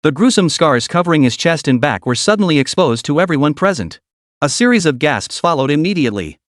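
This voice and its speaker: A man narrates a comic recap with dramatic storytelling, his pitch moving lively and sitting a little high. The sound is dry and close with no room in it. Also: fairly quick, dry recording.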